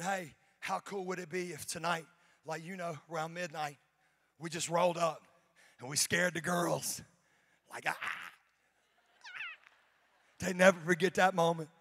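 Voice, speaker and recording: Young male pastor, high voice, animated storytelling sermon with shouted climaxes.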